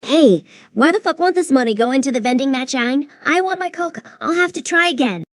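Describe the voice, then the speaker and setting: A synthetic woman's voice playing a hot-tempered, foul-mouthed young female pony in cartoon dialogue, speaking in an even, machine-like rhythm. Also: high-pitched, a little fast, dry recording, studio quality. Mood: angry. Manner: swears constantly, demanding.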